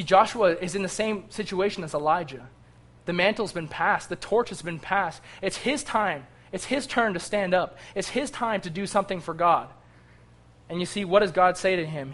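A man's voice: high voice, moderate pace, a bit bright. A man preaching a sermon with fervor, reading scripture aloud and rising to impassioned cries.

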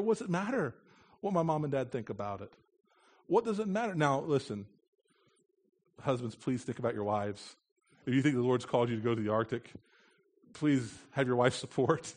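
An earnest man preaching to a church congregation, with a voice of ordinary, middle-range pitch. He talks to the room in a plain, conversational way and slips in bits of gentle humor. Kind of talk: conversational sermon.

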